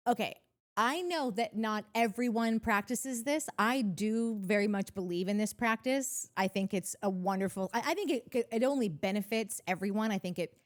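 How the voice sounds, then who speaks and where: A woman's voice: mid-range voice, normal speed. A young woman co-hosting a podcast, chatting in a rambling, giggly way with lots of restarts. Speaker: podcast co-host. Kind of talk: casual recap chat.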